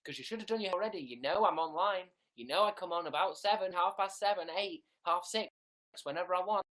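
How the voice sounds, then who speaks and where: A young British man with a high, somewhat bright voice chats briskly and sarcastically on a livestream from his bedroom. As the host of this casual stream, he plays up a mock-diva act.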